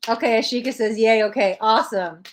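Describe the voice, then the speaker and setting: On a live stream, a woman reads tarot cards in a slightly high voice at a slightly fast clip. She's blunt and chatty with viewers, reading out their chat comments as she gives readings.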